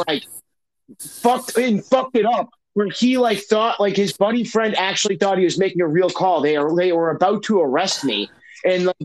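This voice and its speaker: A young man tells a story in loose conversation. His voice sits high for a man, and he rambles, swears often, and keeps restarting his sentences with fillers. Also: slight background noise, rough recording. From Massachusetts. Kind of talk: casual storytelling chat.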